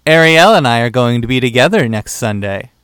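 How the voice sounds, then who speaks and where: Bright, lively man co-hosting a podcast. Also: mid-range voice, a little fast, clean tone, dry recording, studio quality. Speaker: podcast co-host. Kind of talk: casual chat.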